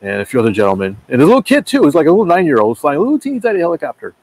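A man's voice: a little high, wildly swooping pitch, racing, a little mellow. A man hosting a casual chat, rambling with many fillers. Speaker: podcast host.

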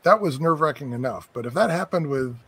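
A man co-hosting a casual chat, telling a story in a relaxed way. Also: on the high side, fast talker, slight background noise. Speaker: co-host.

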